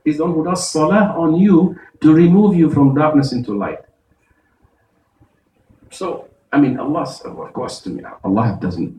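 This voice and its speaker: A man, an imam, giving a Friday sermon, explaining verses step by step and reciting Arabic quickly. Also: on the high side, mellow, echoey room, distant mic, a little hiss or hum, poor audio. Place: mosque prayer hall.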